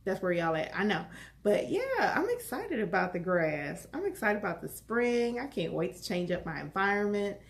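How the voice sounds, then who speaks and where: Woman vlogger, gravelly texture, lively exclamatory casual chat. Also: fairly low pitch. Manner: animated, chatty, exclamatory.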